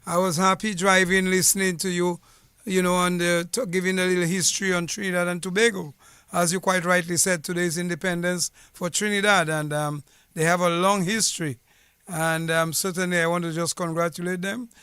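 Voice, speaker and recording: A man with a high, clear, resonant voice tells his story in a studio radio interview. His manner is earnest and formal, wandering from detail to detail. The sound is dry and close on a studio mic. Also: level tone, a little fast, sharp tone, no room sound. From Dominica. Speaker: guest, former police officer. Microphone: studio mic with headset.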